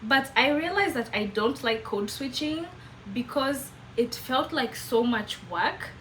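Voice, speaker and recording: A young woman from Kenya speaks with a Meru-tinged accent, her first language being Kimeru. She chats animatedly to her camera with a bright, crisp tone and a fairly high voice. A faint hum of noise sits under the vlog. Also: measured pace, low-quality recording. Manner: chatty, animated, laughs often. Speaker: vlogger. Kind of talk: casual chat to camera.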